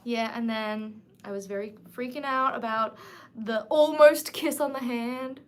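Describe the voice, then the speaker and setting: A woman in her twenties hosting a casual livestream book chat, animated and emphatic. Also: fairly high pitch, unhurried. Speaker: livestream host.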